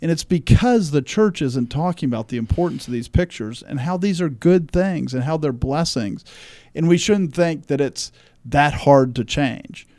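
A man's voice: a little high, expressive, normal speed, dark tone, no echo. A man co-hosting a church podcast, speaking emphatically and quoting scripture in a preachy way. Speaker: podcast co-host. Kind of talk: religious discussion podcast.

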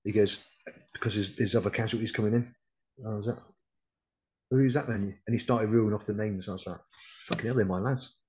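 Speaking as a podcast guest, a decorated RAF Regiment veteran from the UK, middle-aged, recounts his experiences in a blunt, sweary way, quoting other people as he goes. His lowish, slightly mellow voice is steady and fairly quick with frequent pauses, on a rough recording with a little hiss or hum.

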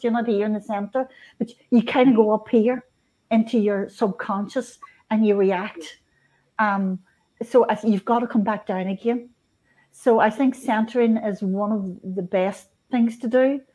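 Mellow-voiced woman in her fifties. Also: mid-range voice, steady tone, moderate pace. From Northern Ireland. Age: 50s. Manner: earnest, gentle, with frequent restarts and soft laughs. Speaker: guest, spiritual author. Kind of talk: conversational interview.

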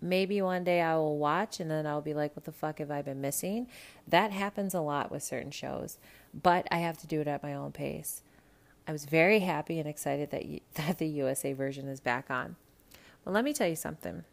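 Midwest woman podcaster, lowish voice, swears a lot, rants loud then drops back to chatty. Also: brisk, vocal fry. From American Midwest. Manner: profane, animated, swings to loud rants. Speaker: podcast host. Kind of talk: casual pop-culture chat.

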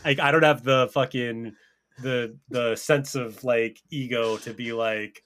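A man's voice: mid-range voice, fairly even intonation, normal speed, a bit bright. Profane, argumentative young-sounding podcast man. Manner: profane, argumentative, laughs often. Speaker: podcast co-host. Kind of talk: casual heated banter.

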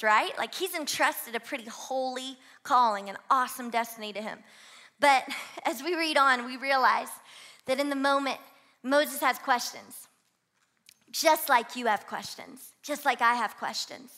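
A woman's voice: high-pitched, a little slow, sharp tone. A woman giving an emphatic, conversational sermon as a guest preacher at a live church gathering.

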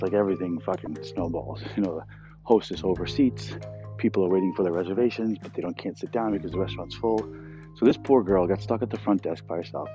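A man who works as a restaurant cook, telling a story in a blunt, profane, animated rant. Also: low voice. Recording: dull lo-fi with faint music.

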